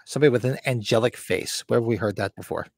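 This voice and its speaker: Middle-aged man, livestream host, casual chat, lively anecdotes, dry close sound. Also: mid-range voice, fast talker, gravelly, no room sound. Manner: animated storytelling, acts out voices in anecdotes.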